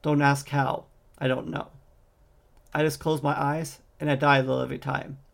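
A man voicing a guarded, sharp-tongued woman scholar in a fantasy audiobook, without changing his voice. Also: medium pitch, little pitch movement, moderate pace, vocal fry, lightly acted. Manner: plain reading voice, little change from narration.

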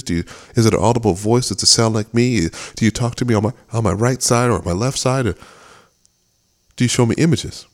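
A man's voice: mid-range voice, a little mellow. A middle-aged man hosting a devotional talk, earnest, often repeating and restarting words as he speaks. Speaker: podcast host.

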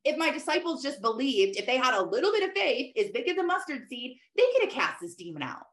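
A woman's voice: sits high, very animated, brisk, fairly bright tone. A woman voicing an exasperated male spiritual teacher scolding his followers, with rising, irritated exclamations. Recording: roomy echo.

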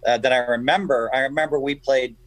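A man guesting on a radio show, telling stories in an animated, emphatic way. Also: mid-range voice, fast, no echo, poor audio. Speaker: guest poker player. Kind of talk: casual radio chat, storytelling.

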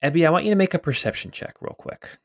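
A man narrating a tabletop game as game master, relaxed, with many fillers. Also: fairly high pitch, fast, dry recording, clean studio sound.

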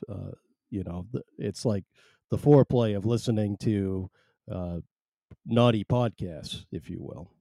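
A middle-aged man hosts his own solo podcast, rambling loosely and amusing himself while reading listener chat. His voice is fairly low with a dark tone, recorded dry in studio quality.

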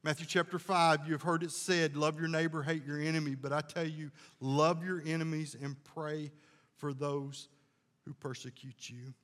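A male pastor delivering a sermon in a chatty, down-home storytelling manner, his voice sitting a bit higher than most men's. He talks to the congregation plainly and often backs up to restart a thought. The sound carries a long reverb from the church hall. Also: little pitch movement, moderate pace, a bit bright. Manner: folksy storytelling, conversational with restarts.

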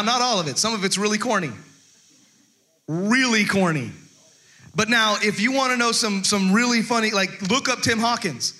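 A man's voice: sits high, sharp tone. A male pastor giving a chatty, humorous sermon, stumbling over restarts and acting out quotes.

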